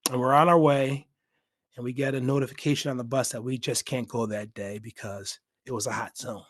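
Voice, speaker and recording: A man's voice: medium pitch, steady tone, no room sound. Emphatic man in a dry room. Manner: emphatic, repeats words for effect, pauses to collect thoughts. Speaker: travel podcaster. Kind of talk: unscripted travel reflection.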